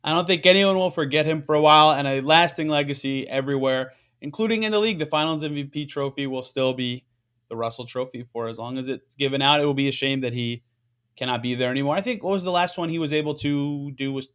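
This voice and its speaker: A man hosts a casual sports podcast, talking conversationally and using fillers often. He talks fast, with a slightly high, fairly bright voice that sounds clear and resonant.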